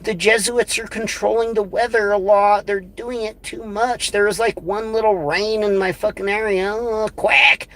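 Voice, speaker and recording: A man's voice: high voice, fairly even intonation, moderate pace, few pauses, a bit bright, voice pushed up, low-quality recording. A man mimicking a whiny, panicking rival in a melodramatic voice. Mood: whiny mockery. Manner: whining, melodramatic.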